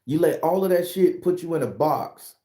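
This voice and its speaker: A man's voice: fairly high pitch, animated, normal speed, mellow, echoey room. A man giving spiritual predictions in a loose, profane, emphatic way, laughing often. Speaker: spiritual reader sharing predictions. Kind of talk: casual spiritual vlog talk.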